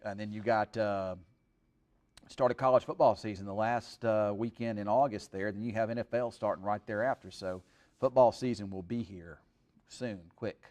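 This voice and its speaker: Folksy man chatting, low voice. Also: fairly even intonation, normal speed, a little mellow. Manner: rambling, folksy, many fillers. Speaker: weather streamer. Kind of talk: casual live-stream chat.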